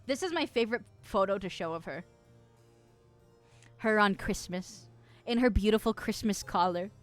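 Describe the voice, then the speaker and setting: A woman in her twenties chatting casually on a live stream, reading chat aloud, giggling often and getting excited. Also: medium pitch, moderate pace, faint music behind. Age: 20s.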